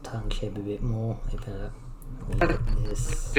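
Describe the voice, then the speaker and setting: A man's voice: fairly low pitch, monotone, normal speed, very noisy. A man critiquing a student's animation, explaining his notes thoughtfully while searching for words. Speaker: animation instructor.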